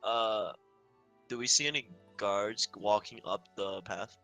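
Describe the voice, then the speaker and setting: A man's voice: fairly low pitch, takes it slowly, creaky, bright, forceful tone, faint music behind, low-quality recording. A young man playing a tabletop game with friends, talking hesitantly and stammering now and then. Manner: hesitant, stammering, laughs a lot. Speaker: player. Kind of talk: casual tabletop game play.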